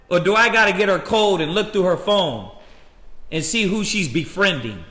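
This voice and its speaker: High-voiced preacher guy, bright and lively, big echoey hall. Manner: animated, preachy, acts out quotes. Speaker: priest teaching a class. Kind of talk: preaching class on scripture.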